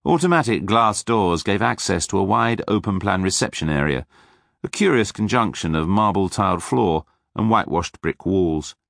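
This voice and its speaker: Male narrator, low gravelly voice, lively, wry, dry studio sound. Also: moderate pace, dry recording. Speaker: audiobook narrator. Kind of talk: scripted narration.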